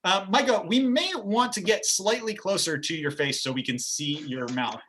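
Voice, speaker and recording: Upbeat male host, high bright voice, chatty and joking on a video call. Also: moderate pace. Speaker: game show host. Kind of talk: livestream game show hosting.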